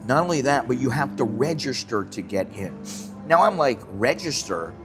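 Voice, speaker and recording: A man's voice: mid-range voice, animated, moderate pace. An American man telling a rambling story in a casual live stream and acting out the dialogue. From United States. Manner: chatty, rambling, acts out dialogue. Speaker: vlogger. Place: Thailand, drinking coffee. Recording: music clearly behind voice.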